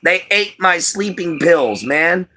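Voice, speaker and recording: A man's voice: sits high, expressive, slow, pushed and bright, slight background noise. A tired man from Louisiana with a light Cajun accent, chatting casually and folksily as a live-stream host, rambling with lots of fillers. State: tired from lack of sleep.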